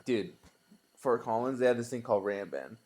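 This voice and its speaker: A young man co-hosting a podcast, relaxed and laughing along as he tells his own stories in casual chat. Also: mid-range voice, normal speed. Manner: laid-back, laughs along, quotes himself in stories. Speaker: podcast co-host.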